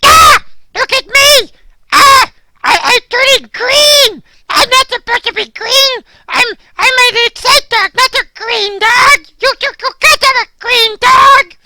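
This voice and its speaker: A woman voicing an excitable, anxious cartoon guard dog who stammers and repeats words in a panic. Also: very high-pitched, a little slow, few pauses, very noisy. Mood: distressed. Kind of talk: children's cartoon voice acting.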